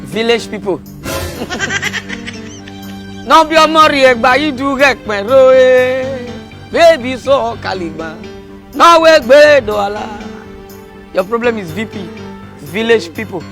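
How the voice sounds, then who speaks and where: A man voicing an old village herbalist priest in a comedy skit, chanting and laughing loudly as he gives his remedy. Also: extremely high pitch, expressive, unhurried, long pauses. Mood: mystical. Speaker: spiritual healer. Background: music.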